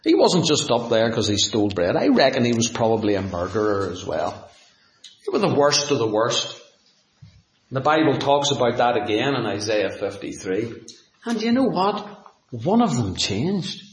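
A man preaching a sermon, dramatic and full of rhetorical questions, swinging from loud to hushed. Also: mid-range voice, very animated, moderate pace. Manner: asks the audience rhetorical questions. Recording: echoey room.

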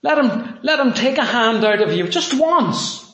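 A man preaching voices God gently and plainly correcting a man, in an echoey room. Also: very high-pitched, lively intonation, measured pace, pitched above the performer's own voice, full character voice. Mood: chiding.

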